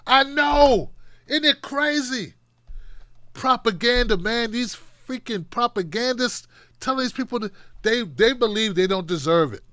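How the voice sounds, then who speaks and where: Male live-stream host, high voice, bone-dry sound; sarcastic, animated chat-reading. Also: measured pace, no room sound. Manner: animated, sarcastic, swinging between loud outbursts and muttering. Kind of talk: live-stream commentary reading viewer comments.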